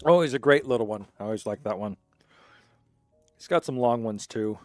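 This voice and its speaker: A man's voice: fairly low pitch, moderate pace, darkish tone, no room sound, faint music behind. Rambling male streamer spinning jokes. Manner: rambling, digressive storyteller. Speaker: gaming streamer. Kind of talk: casual stream chat and joke telling. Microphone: streaming microphone.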